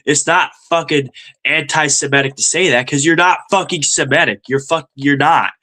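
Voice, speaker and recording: A man's voice: fairly high pitch, moderate pace, pushed and bright. Angry, nasal young man ranting. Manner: angry, swearing constantly. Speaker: stream host. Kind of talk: profane political rant.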